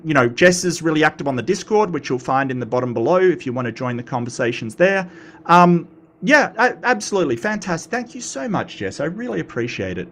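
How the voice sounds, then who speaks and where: A man hosting a casual livestream, animated and self-mocking, often stumbling over his words. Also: mid-range voice. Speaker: host.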